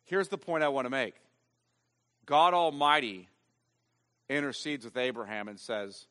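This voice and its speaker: A man preaching a sermon as pastor, emphatic, swinging from loud stressed lines to hushed ones. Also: medium pitch, measured pace, pauses often, in a large hall.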